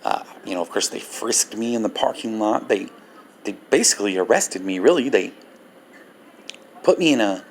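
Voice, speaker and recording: An older man telling a personal story in a vlog, animated and laughing as he goes. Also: on the low side, normal speed, creaky, long pauses, a little hiss or hum. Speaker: Christian ministry vlogger.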